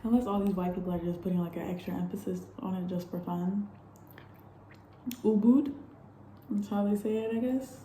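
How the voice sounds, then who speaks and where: Young woman vlogger, candid and animated, mellow timbre, echoey room with faint background hum. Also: mid-range voice, fast talker, few pauses. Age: young adult. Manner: candid, animated storytelling with frequent swearing and laughs. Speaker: travel vlogger. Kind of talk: casual storytelling vlog.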